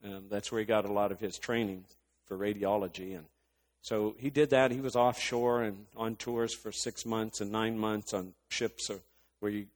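Impassioned preacher ringing through a hall. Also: male voice, lowish voice. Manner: animated, building to impassioned rants. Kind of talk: sermon storytelling.

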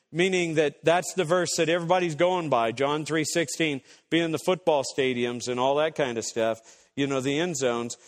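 A man preaching with an emphatic voice that sits fairly high and swings from loud rising lines to hushed drops. He quotes scripture and acts out imagined voices. The sound carries a long reverb from a church hall. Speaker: pastor. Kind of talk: sermon.

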